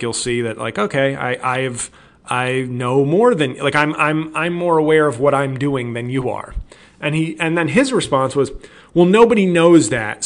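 A male comedian on his solo podcast, riled up and swearing freely while he vents. He keeps slipping into both sides of old arguments, his voice sitting at an everyday middle pitch. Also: fairly bright tone. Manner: exasperated, profane, acts out quoted exchanges.

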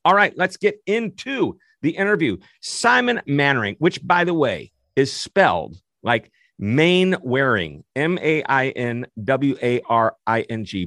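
A man's voice: medium pitch, a bit bright, no echo. Male host, upbeat and chatty, dry close-miked studio voice. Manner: enthusiastic, chatty. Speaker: podcast host. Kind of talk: radio interview hosting.

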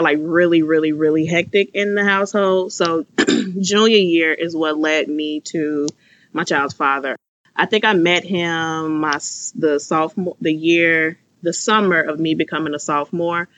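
Candid woman with a bright, forceful voice. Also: low-pitched, fairly even intonation, normal speed, dry recording. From Chicago. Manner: candid, filler-heavy, acts out her own past thoughts. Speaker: young mother sharing her story. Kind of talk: personal storytelling. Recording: slightly muffled, faint music behind.

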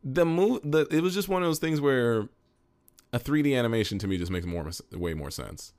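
A man's voice: mid-range voice, animated, fairly quick, a little mellow. A man co-hosting a casual podcast, giving rambling, opinionated takes with many restarts. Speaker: podcast co-host. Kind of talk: casual chat.

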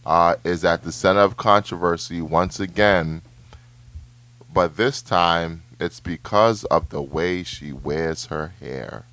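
A man hosting a casual podcast chat, counting down in a slow, deliberate way. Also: low-pitched, a bit bright, no room sound. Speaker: podcast host.

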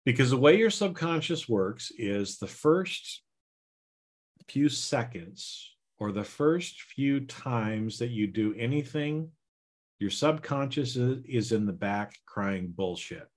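A man who talks slowly and unhurriedly, in a middle-range voice. He hosts a healing podcast in a plain, folksy manner and keeps checking in with listeners. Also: mid-range voice, expressive. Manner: slow, repeats "right?" and "okay?". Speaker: podcast host, healing coach. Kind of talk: casual self-help podcast talk.

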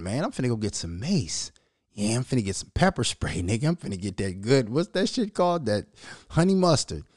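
Animated, profane man telling stories. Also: medium pitch, brisk, no room sound, studio quality. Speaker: show host. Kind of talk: casual monologue.

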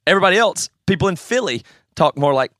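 Opinionated Southern man, bright voice. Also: high-pitched, lively intonation, quick pace, no room sound, clean studio sound. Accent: South Carolina Southern. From South Carolina. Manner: opinionated, ranting. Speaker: podcast guest. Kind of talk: casual chat.

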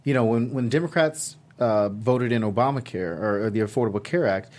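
A man's voice: mid-range voice, a little mellow. Man chatting casually on a podcast. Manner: conversational, halting restarts, laughs at own jokes. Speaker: podcast co-host. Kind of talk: casual political chat.

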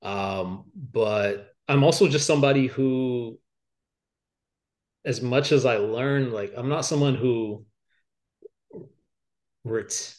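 A young adult man, an author guest on a podcast, talking in a reflective, halting way with many fillers and restarts. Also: medium pitch, darkish tone. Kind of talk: reflective interview talk. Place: podcast studio.

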